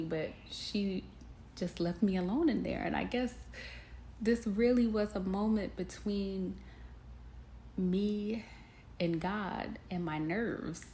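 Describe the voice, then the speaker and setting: A woman's voice: mid-range voice, darkish tone. A young woman hosting a podcast, telling a personal story in a candid, emotional way, laughing often and calling listeners y'all. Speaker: podcast host. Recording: echoey room, faint background noise.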